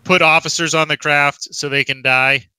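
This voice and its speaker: A man guesting as a game developer, eager and explanatory, with a very bright, crisp, smooth voice. The sound is close and dry, with little room. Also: on the high side, steady tone, normal speed, no room sound, low-quality recording. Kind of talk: casual interview talk. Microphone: online voice call.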